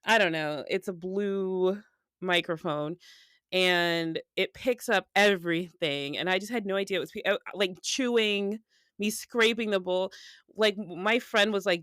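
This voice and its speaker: A woman's voice: fairly low pitch, normal speed, no room sound. A woman in her thirties co-hosting a podcast, chatting casually and laughing often as she tells stories. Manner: giggly, animated storytelling. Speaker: podcast co-host. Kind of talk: casual chat.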